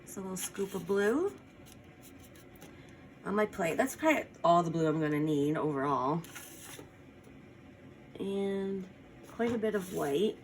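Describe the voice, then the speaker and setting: A woman's voice: on the low side, lively intonation, measured pace, long pauses. A woman giving a casual painting tutorial, chatting along as she works and adding small apologetic asides. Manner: chatty, talks while working, apologetic asides. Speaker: painting instructor.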